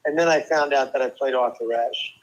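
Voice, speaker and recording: An older man from New Jersey, a former tennis player and guest, telling lively stories with quick asides and restarts. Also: mid-range voice, muffled recording. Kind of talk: casual storytelling interview.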